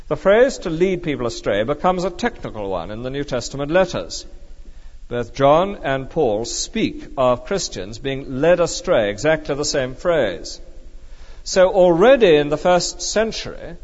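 A man delivers an emphatic, measured sermon, walking his congregation through a passage verse by verse. His pitch rises and falls in a lively way. The sound is dull and lo-fi, with a long reverb trailing off in a church. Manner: emphatic, measured expository preaching. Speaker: preacher.

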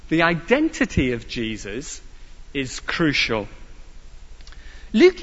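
A man preaching a sermon slowly and emphatically, asking his listeners rhetorical questions. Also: fairly high pitch, fairly bright tone. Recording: dull sound with long hall reverb.

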